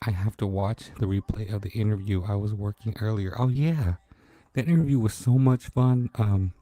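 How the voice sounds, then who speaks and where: A man's voice: fairly low pitch, normal speed, dark tone, no room sound. A man hosting a casual late-night livestream from home, chatting in a laid-back way and greeting viewers by name. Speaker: livestream host.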